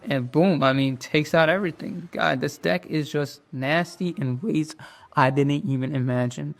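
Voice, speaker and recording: A man's voice: a little high, moderate pace, creaky. A young man telling a story and commenting on his own gameplay in a loose, joking way, swearing freely. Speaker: gaming youtuber.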